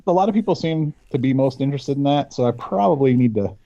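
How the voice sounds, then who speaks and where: A man's voice: mid-range voice, lively intonation, fast, dark tone, dry recording, lo-fi sound. A man chatting easily as a podcast guest, rambling a little as he explains his hobbies. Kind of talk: casual chat.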